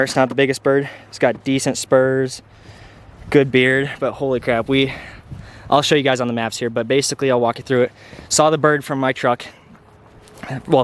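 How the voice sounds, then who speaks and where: Young male hunting vlogger from Iowa, breathless and excited, mid-pitch voice, outdoor camera audio with faint hiss. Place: outdoors in a field.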